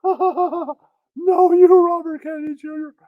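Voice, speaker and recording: A man's voice: little pitch movement, a little fast, no room sound, narrow, tinny audio. Man voicing a cackling, taunting magic mirror. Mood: mocking. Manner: high cackling, repeats robotic "error".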